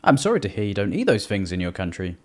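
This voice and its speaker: A man's voice: lowish voice, wildly swooping pitch, fast talker. A man giving comedic, sarcastic commentary as he reads out messages and mocks them. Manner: sarcastic, mocking, reads messages aloud in put-on voices. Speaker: YouTuber reacting to messages.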